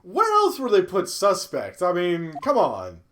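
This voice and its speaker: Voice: mid-range voice, huge pitch swings, a little slow, few pauses. A streamer playing a story game who reads its lines and cuts in with jokes, swearing and frequent laughter. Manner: joking, swears, laughs a lot. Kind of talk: game reading and commentary. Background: game music.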